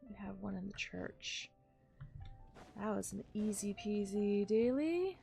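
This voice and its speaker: Tired, gravelly-voiced woman streamer. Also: expressive, slow, mellow, faint music behind. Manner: low-energy, rambling, apologetic about yawning. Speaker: game streamer. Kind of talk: casual gameplay chat.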